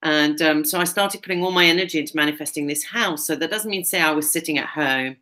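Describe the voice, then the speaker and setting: A woman's voice: low-pitched, fast talker, pushed and bright. A middle-aged woman telling a personal story in casual, rambling talk, full of fillers and restarts as she co-hosts a chat.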